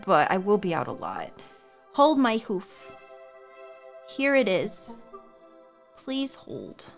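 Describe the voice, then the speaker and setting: A woman's voice: on the high side, a bit bright. A young woman streaming, chatting casually with her viewers in an anxious, rambling way, often repeating herself. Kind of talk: casual livestream chat.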